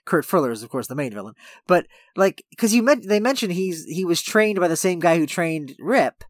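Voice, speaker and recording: A podcast co-host in casual chat, retelling film scenes in an animated way, with lots of "like". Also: mid-range voice, moderate pace, no room sound, clean studio sound. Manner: animated storytelling, heavy use of "like".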